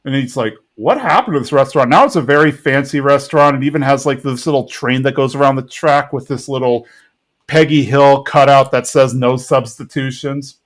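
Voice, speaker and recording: A man hosting a podcast, casually retelling an episode with animated quick quotes of characters. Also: mid-range voice. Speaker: podcast host.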